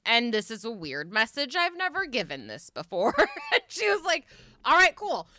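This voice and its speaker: A woman who works as a medium, chatting as a podcast guest and telling lively stories, acting out what spirits say. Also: a little high, normal speed, no room sound, clean studio sound. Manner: animated storyteller who acts out spirits' voices. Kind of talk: casual chat.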